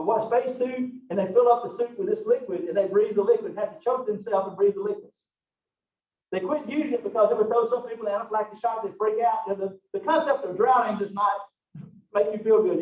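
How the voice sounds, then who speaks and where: A man teaching an anatomy lecture in a casual, chatty, folksy way. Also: high voice. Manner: folksy and chatty, Southern phrasing. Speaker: college anatomy and physiology instructor. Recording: echoey, distant, dull lo-fi room recording.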